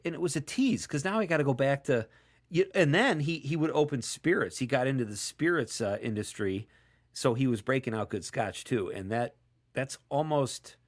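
Chatty joking radio host man. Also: medium pitch. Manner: chatty, joking, reads listener texts aloud. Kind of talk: casual call-in radio chat.

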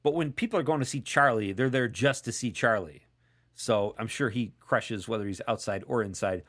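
A man's voice: medium pitch, normal speed, fairly bright tone. A man hosting a casual call-in radio show, chatting and joking as he reads listener texts aloud.

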